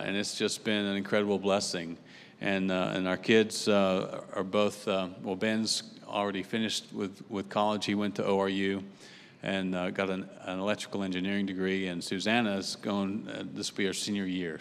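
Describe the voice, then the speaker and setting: A man's voice: on the low side, long reverb tail. A man in his late forties, originally from Britain, giving a chatty, self-deprecating introduction as a guest pastor before his sermon. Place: church sanctuary.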